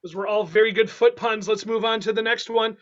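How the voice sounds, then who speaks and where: Host: high, bright-voiced man running an online improv game, playful, dull lo-fi call audio. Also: steady tone. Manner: playful, quick, laughing asides.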